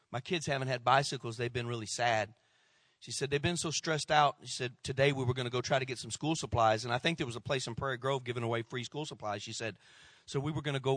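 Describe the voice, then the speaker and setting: A middle-aged male pastor telling a story in a sermon, acting out the people he quotes and dropping to a hush at tense moments. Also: medium pitch, dry recording, clean studio sound. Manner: animated storyteller, acts out quoted voices, drops to hushed tones.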